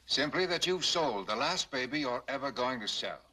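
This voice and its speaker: An actor playing a desperate, wealthy husband in an old film, pleading and then quietly threatening a crooked doctor. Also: male voice, mid-range voice, lively intonation, moderate pace, rough recording. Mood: cold, threatening. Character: grieving wealthy husband confronting a baby-selling doctor. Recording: old 1930s film soundtrack.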